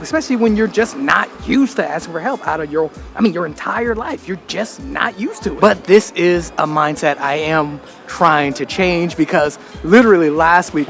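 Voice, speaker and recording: A man's voice: high-pitched, creaky, fairly bright tone. An American man vlogging in a candid, reflective way, full of casual slang. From United States. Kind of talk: casual talk to camera.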